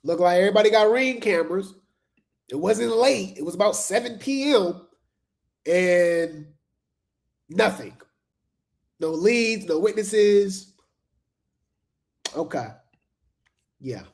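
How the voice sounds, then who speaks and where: A man's voice: sits high, animated, slow pace, creaky, long pauses. A man hosting casual gossip commentary, sarcastic and chatty, talking straight to his viewers.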